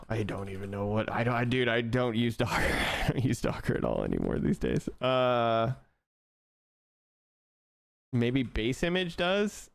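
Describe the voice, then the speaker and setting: A young man live-streaming as he codes, talking casually to his chat, laughing often and thinking out loud with restarts. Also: medium pitch, big pitch swings, a little slow, vocal fry, pauses often.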